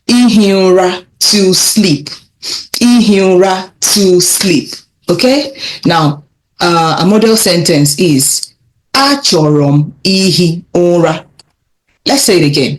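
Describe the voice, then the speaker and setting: A young woman teaching children vocabulary, repeating words slowly and encouraging them as she goes. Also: lowish voice. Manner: repeats phrases slowly, encouraging, laughs lightly. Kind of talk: slow, clear vocabulary lesson for kids.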